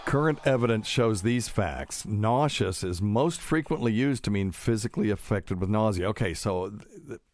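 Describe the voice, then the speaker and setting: A man's voice: fairly low pitch, expressive, normal speed, hardly any pauses, a little mellow, a little hiss or hum. A middle-aged man hosting his own podcast as a doctor, talking casually with lots of fillers and pedantic asides. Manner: rambling, pedantic, many fillers. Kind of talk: casual solo podcast talk.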